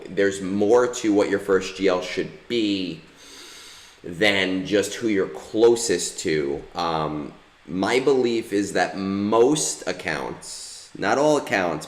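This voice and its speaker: Brief: low-voiced, unhurried male streamer, rambling, filler-heavy, in a roomy echoing space. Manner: rambling, many fillers and restarts. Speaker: gaming streamer. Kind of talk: casual livestream commentary while playing.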